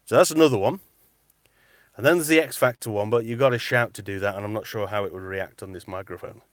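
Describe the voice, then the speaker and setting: Reading out comments on a live stream from a cupboard he records in, a man chats casually in a voice on the low side at a quick pace. The recording is dry and studio quality. He's a voice artist who also vlogs about metal detecting, and he comes across as chatty and animated, repeating himself.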